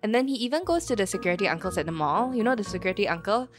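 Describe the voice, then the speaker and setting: A Singaporean woman co-hosting a podcast, telling a story in a casual, lively way with Singlish particles and frequent laughs. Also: medium pitch, rapid-fire, music in the background. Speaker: podcast co-host.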